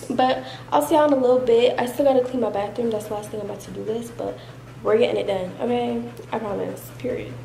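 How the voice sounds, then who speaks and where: A woman's voice: a little high, vocal fry, noisy background. A nineteen-year-old woman from Florida, chatting casually to her viewers in a vlog, a little out of breath. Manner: chatty, addresses viewers as y'all. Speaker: vlogger.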